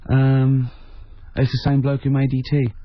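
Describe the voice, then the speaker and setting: A man co-hosting a radio show, joking in a deadpan way with rambling asides and giving a loose film review. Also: mid-range voice, unhurried, slight background noise. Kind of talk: casual radio banter. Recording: dull lo-fi radio recording.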